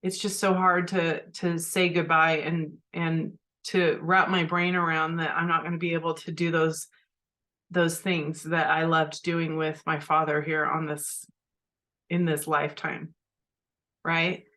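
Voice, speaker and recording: A woman's voice: low-pitched, level tone, a little slow, fairly bright tone. A middle-aged woman hosting a spiritual podcast, speaking in an earnest, heartfelt and reflective way. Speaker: podcast host.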